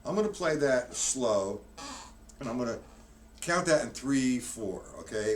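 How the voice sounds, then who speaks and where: In a live-streamed drum lesson, a man with a mid-range, animated voice talks at a measured pace, wandering off topic, correcting himself, and breaking off to count beats while he plays. The mic is distant and the practice room around his kit is noisy.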